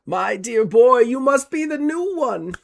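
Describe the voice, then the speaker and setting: A man's voice: very high-pitched, expressive, measured pace, vocal fry, background noise, pitched above the performer's own voice, full character voice. A man voicing a genteel, frumpy old man who speaks in a sly, courtly way during a tabletop game. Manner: courtly, teasing. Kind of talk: tabletop role-play voice acting.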